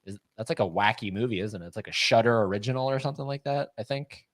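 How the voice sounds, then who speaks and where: A man co-hosting a casual livestream chat, talking quickly and laughing often. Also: mid-range voice, no echo. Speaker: livestream co-host.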